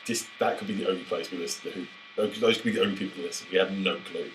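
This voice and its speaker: Very low male co-host, loose and jokey, trails off and restarts, casual podcast chat. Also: fairly even intonation, racing, a little hiss or hum, rough recording. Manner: rambling, self-interrupting, jokey.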